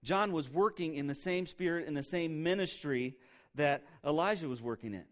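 Guy preaching in church, kinda high-pitched, punchy and chatty, keeps asking the crowd questions. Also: moderate pace. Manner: emphatic, conversational preaching with rhetorical questions. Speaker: pastor. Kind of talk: sermon.

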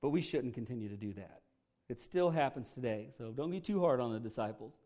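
A man's voice: mid-range voice, lively intonation, fairly quick, mellow. A male pastor preaching a sermon in an emphatic, folksy way, firing rhetorical questions at his congregation.

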